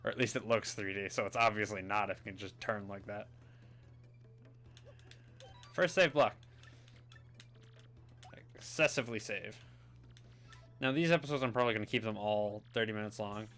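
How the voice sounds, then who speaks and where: A man's voice: on the low side, steady tone, normal speed, long pauses, fairly bright tone, soft background music. A man giving chatty, rambling commentary while playing a video game. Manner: chatty, rambling, self-amused. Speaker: gaming video host. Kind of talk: casual let's-play commentary.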